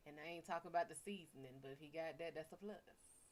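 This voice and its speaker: A woman's voice: low voice, fast talker. A woman hosting a live stream, chatting in a playful, rambling, self-mocking way. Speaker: live stream host and psychic reader. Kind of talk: casual live-stream chat.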